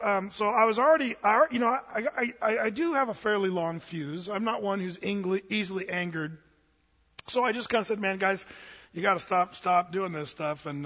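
A male pastor with a high, bright voice delivers an animated, confessional sermon full of personal storytelling. His voice carries through a large, reverberant church hall. The recording has a dull, muffled sound. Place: church sanctuary.

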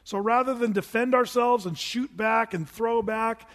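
A male pastor preaching a sermon, telling the story in an animated way that swings between loud and hushed, with humorous asides. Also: very high-pitched, unhurried, big-room sound.

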